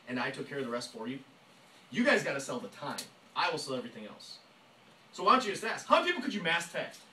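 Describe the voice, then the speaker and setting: Excitable male trainer, rapid-fire and bright, echoey meeting room, mic at a distance. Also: sits high, a little hiss or hum. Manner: fast, excitable, emphatic, often acts out phone calls. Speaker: network marketing trainer. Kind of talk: energetic live training talk.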